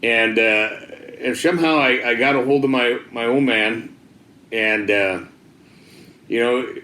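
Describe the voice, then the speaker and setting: Man, personal testimony, casual slang talk, mid-pitched voice, echoey room. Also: unhurried, pushed and bright. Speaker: former biker giving a church testimony.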